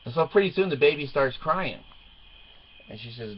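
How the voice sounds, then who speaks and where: A man's voice: fairly high pitch, expressive, moderate pace, husky. A middle-aged father telling a family story as a casual monologue, wry and joking, chuckling as he goes. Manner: wry and joking, chuckles through his stories. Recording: dull lo-fi recording.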